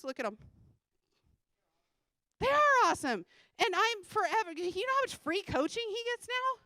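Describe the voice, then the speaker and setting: A woman giving an energetic motivational talk on a conference stage, speaking bluntly and casually, swearing freely and laughing often. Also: extremely high pitch, no room sound. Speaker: conference speaker and sales coach. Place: conference stage before a live audience.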